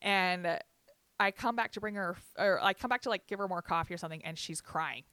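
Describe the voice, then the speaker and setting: A young woman co-hosting a podcast, venting bluntly with lots of swearing and telling animated stories between laughs. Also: lowish voice, a little fast, clean tone, dry recording. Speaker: podcast co-host. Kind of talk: casual chat.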